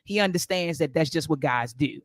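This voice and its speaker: Animated woman talk-show host, dry sound. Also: low voice, a little fast, dry recording. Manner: animated storyteller, repeats words for emphasis. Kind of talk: casual talk-show discussion.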